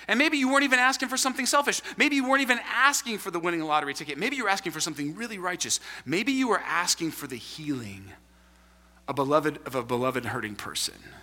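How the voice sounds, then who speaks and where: A man preaching a sermon to a congregation in a large room, animated and emphatic. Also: high voice, quick pace, big-room sound. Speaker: pastor.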